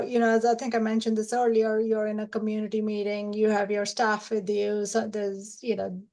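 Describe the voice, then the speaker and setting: A woman's voice: a little high, vocal fry, a little mellow, low-quality recording. A woman on a discussion panel, speaking thoughtfully with frequent hesitations.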